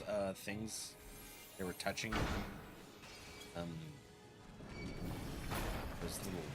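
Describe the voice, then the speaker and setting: A man chats away while streaming an online game, his pitch swinging freely up and down. He rambles, pokes fun at himself and laughs often. Game music plays clearly behind him. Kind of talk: casual live-stream chat while gaming.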